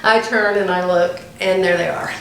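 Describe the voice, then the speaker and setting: A woman in her seventies telling animated anecdotes to her viewers from home, laughing often. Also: fairly low pitch, moderate pace, gravelly. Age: 70s. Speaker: quilting vlogger. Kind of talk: casual chatty storytelling to viewers. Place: indoors at home by the front door. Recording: very echoey room, distant mic, faint hiss.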